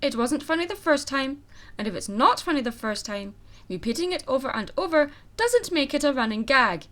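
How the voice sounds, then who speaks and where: A woman's voice: high-pitched, expressive, brisk, a bit bright. A young woman hosting a comedic film review, with sarcastic, exasperated asides. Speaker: film reviewer and channel host.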